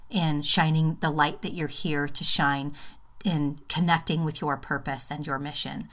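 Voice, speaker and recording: A woman with a low, deep voice talks to her podcast listeners from home. She speaks earnestly and from the heart, wandering through her thoughts with fillers and restarts. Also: a bit bright. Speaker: podcast host. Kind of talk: personal monologue. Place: home, just out of the bath.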